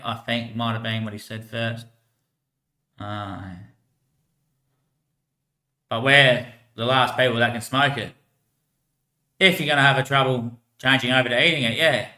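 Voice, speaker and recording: A man rambles in loose, slangy talk, swearing freely and breaking into laughs. His voice is bright and sharp at a middle pitch. The room around him echoes. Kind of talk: rambling casual monologue.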